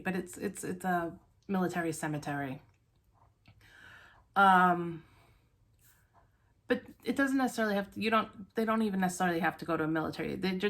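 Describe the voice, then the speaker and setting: A woman's voice: on the low side, a bit bright. A woman hosting a stitching vlog, chatting casually to viewers, out of breath, rambling with many ums and restarts.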